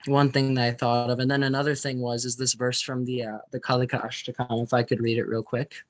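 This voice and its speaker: A man's voice: medium pitch, level tone, fast. A man, a student, sharing a comment in class over a video call, hesitant and full of ums and likes. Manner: hesitant, many ums, likes and sort ofs.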